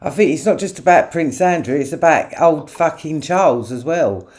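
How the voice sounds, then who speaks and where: A man's voice: a little high, expressive, moderate pace, darkish tone. A man on a livestream who stammers and hesitates, then rants about the royals. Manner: hesitant, stammering, laughing along. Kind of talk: casual chat.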